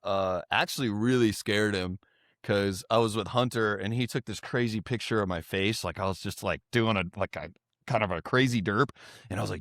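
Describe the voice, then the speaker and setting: A man in his thirties, a podcast guest, telling lively stories in casual chat and mimicking his friends' voices. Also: lowish voice, normal speed, no room sound, clean studio sound. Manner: animated, mimics voices when quoting friends. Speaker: guest, content creator. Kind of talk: casual storytelling.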